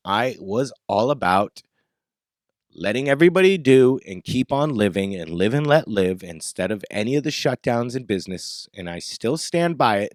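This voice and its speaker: A man hosting a podcast, ranting off the cuff in a blunt, profane way, swinging from loud outbursts to low muttering. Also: no room sound, studio quality. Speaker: podcast host.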